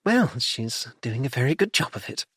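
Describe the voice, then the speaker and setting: A man's voice: mid-range voice, very animated, normal speed, a bit bright, husky, no room sound, clean studio sound. A man voicing a composed, tactful middle-aged duchess in an audiobook, polite with a tart edge.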